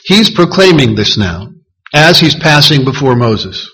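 A man preaching a sermon, explaining scripture in a measured, teaching manner. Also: mid-range voice, big pitch swings, fairly bright tone, slightly rough, poor audio. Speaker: pastor.

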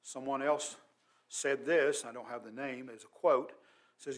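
A man preaching a sermon as pastor, earnest and emphatic, his voice swelling loud and dropping quiet. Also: mid-range voice, fairly even intonation, measured pace.

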